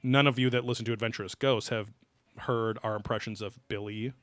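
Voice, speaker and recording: A man's voice: lowish voice, fairly even intonation, fairly quick, a bit bright, no room sound. A man co-hosting a podcast, chatting casually over beers, rambling loosely and swearing offhandedly. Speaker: podcast co-host.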